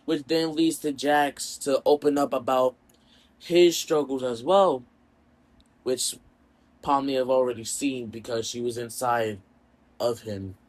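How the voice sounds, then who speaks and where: A man casually retelling his rewrite of a story, rambling with lots of fillers. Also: mid-range voice. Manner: rambling, filler-heavy, animated. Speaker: storyteller and video creator.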